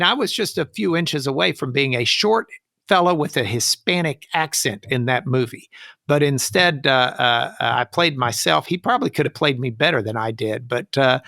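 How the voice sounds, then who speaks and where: Gravelly-voiced man telling stories. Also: mid-range voice, no room sound, studio quality. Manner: animated, folksy, acts out quoted voices. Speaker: guest attorney. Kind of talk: anecdotal storytelling.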